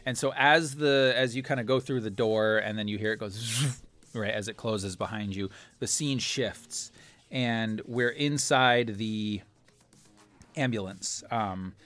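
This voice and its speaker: A man's voice: lowish voice, measured pace, fairly bright tone, faint music behind. A man narrating as game master in a tabletop game, rambling with many fillers.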